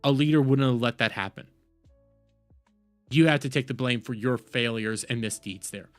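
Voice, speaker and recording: A man's voice: medium pitch, fairly even intonation, moderate pace, faint music behind. A man live-streaming commentary on clips, swearing and exasperated, often laughing in disbelief. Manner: profane, exasperated, breaks into incredulous laughter.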